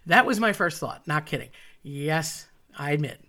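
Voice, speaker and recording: A woman's voice: sits low, lively intonation, normal speed, bright, forceful tone. A woman telling a personal story with wry, self-mocking asides. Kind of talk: personal story told to an audience.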